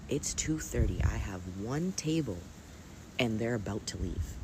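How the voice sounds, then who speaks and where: A man's voice: on the low side, lively intonation, measured pace. A man telling a casual storytime rant about a restaurant job, aggravated and swearing freely as he runs his sentences together. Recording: loud background noise.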